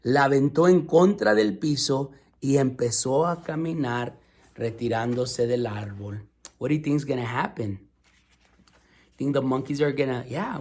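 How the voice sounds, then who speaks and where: A man reading a children's storybook aloud in two languages, pausing to ask his listeners questions in a patient, teacherly way. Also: a little high, a little mellow. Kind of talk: bilingual storybook read-aloud.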